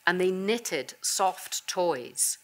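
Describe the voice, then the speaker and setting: A woman leads a university seminar, her voice lower than most and distinctly bright and clear. She talks conversationally, pausing with "um" and correcting herself as she goes. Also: expressive. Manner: conversational, with fillers and self-corrections. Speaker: visiting professor giving a lecture. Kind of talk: academic seminar talk.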